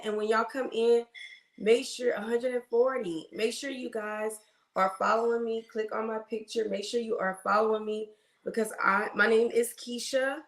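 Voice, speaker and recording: A woman's voice: on the high side, steady tone, moderate pace. A woman hosting a casual livestream as a nurse, chatting and greeting viewers by name, with a cough. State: has a cough. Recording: roomy echo.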